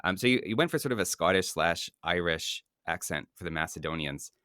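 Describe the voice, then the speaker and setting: A man hosting a video interview, asking questions in a quick, casual way with fillers. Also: deep voice, lively intonation, a bit bright, no echo, studio quality. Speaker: YouTube host and interviewer.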